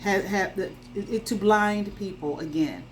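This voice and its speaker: A woman with a medium-pitched voice gives her viewers a casual tarot reading at a moderate pace. She's blunt and emphatic, swears freely, and keeps asking "okay?" to check in. The low-quality recording carries a little hiss or hum.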